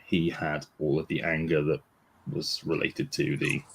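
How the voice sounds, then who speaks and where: A man who moderates a stream, speaking in a measured, opinionated way with dry asides. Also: very deep voice, level tone, creaky, a bit bright, slight background noise, poor audio. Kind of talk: casual panel chat.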